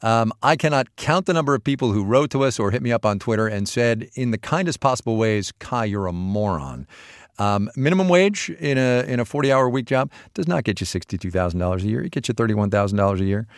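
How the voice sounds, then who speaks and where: Animated self-mocking man host. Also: medium pitch, fast talker, few pauses, no echo, clean studio sound. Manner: self-deprecating, jokey. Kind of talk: casual podcast banter.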